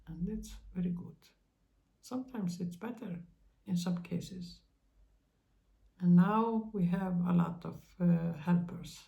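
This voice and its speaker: Woman, spiritual channel host; slow, halting monologue, mellow and gravelly, gently reassuring. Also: fairly low pitch. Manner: slow, halting, with many pauses and fillers; speaks to listeners with tender reassurance.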